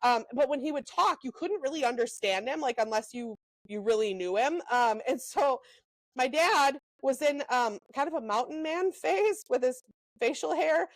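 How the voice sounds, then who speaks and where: A young woman co-hosting a podcast, telling animated stories in a casual chat, full of "um" and "like". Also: high-pitched, no echo, poor audio. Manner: animated storyteller, lots of "um" and "like", quick asides. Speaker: podcast co-host.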